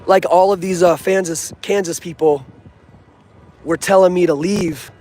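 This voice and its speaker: Outside a stadium, a young man talks about his football team in a casual fan vlog, earnest and full of street slang. He speaks a little slowly in a high, steady, slightly mellow voice.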